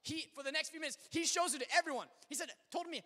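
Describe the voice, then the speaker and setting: High, bright-voiced preacher man in a hall. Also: fast, few pauses. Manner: storytelling, animated, swings between shouting and quiet asides. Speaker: pastor. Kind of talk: sermon. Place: church sanctuary. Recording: long hall reverb.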